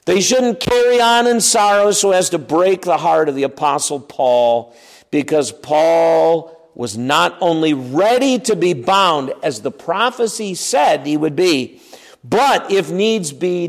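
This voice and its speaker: A man's voice: fairly high pitch, lively intonation, slow pace. A man preaching an expository sermon, emphatic and often repeating his words as he acts out the scripture scenes.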